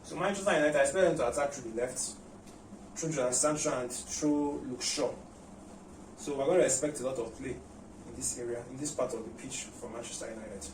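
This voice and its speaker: A man giving a tactical football match preview, talking in an animated way, repeating words and using many "you know" fillers. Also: mid-range voice, brisk, a little hiss or hum. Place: room at home. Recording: roomy echo, mic at a distance.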